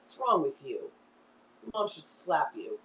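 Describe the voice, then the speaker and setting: A woman's voice: low voice, sing-song, a little slow, reverberant, distant mic, low-quality recording. Heated fifties woman streamer, swears, repeats herself, sits away from the mic with faint hiss. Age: 50s. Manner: angry, repetitive, swearing. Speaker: online show host. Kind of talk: emotional livestream rant.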